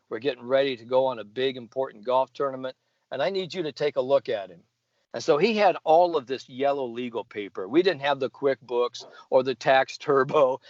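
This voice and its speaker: With a mid-range voice and no room sound, a seventy-something golf sports psychologist shares a story on a podcast, acting out whoever he quotes. The audio is dry and slightly dull.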